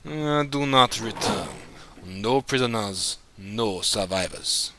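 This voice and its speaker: A man voicing a stern, menacing male villain in a put-on mock Russian accent, with slow, solemn, commanding proclamations over game music. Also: lowish voice, lively intonation, background noise, voice pushed down.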